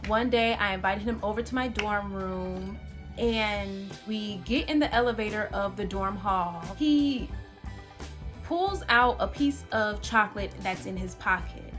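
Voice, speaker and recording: A young woman vlogger, telling a story casually to her viewers, animated and exclamatory with a lot of "like". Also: mid-range voice, measured pace, music in the background.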